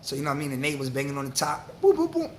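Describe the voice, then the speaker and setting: A man, telling a story to camera in a loose, slang-filled, animated way. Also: mid-range voice, very fast, slight background noise. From New York. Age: 40s. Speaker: vlogger.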